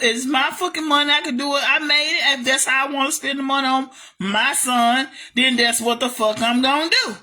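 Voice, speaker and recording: A woman's voice: high voice, pushed and bright. A woman vlogger telling a family story in a profane, ranting way, repeating herself and calling out to her viewers. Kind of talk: angry storytime rant.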